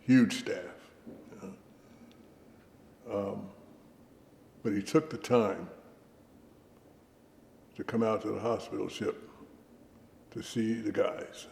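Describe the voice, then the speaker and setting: Gravelly older man telling war stories. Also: lowish voice, takes it slowly, pauses often, roomy sound, in a large hall, slight background noise. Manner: lively anecdotal storyteller, acts out quoted dialogue. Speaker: veteran interviewee. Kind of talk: oral history storytelling.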